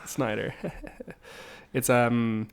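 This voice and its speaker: A man co-hosting a podcast, talking in a loose, chatty way. He restarts his sentences often and pokes fun at himself. His voice sits at an ordinary middle pitch. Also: steady tone, smooth. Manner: chatty, self-mocking, quick restarts. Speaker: podcast co-host. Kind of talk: casual chat.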